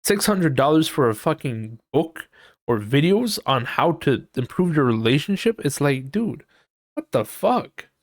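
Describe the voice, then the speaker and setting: A man's voice: fairly high pitch, big pitch swings, unhurried, dry recording. Young male podcast host, rambling and profane, mocks people with impressions. Dry, close sound. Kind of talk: casual solo podcast rant.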